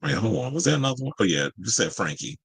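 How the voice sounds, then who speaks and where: A man from Georgia, hosting a casual entertainment commentary show and reading viewer comments, chatty and quick to laugh. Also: on the low side, vocal fry, husky. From Georgia, USA. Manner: animated, chatty, laughs often, slangy asides. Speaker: host.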